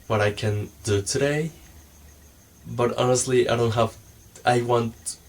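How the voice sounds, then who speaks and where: Slow, rambling young-sounding man vlogging. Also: on the low side, gravelly, poor audio. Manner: meandering, forgetful, self-mocking, many fillers. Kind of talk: casual rambling monologue.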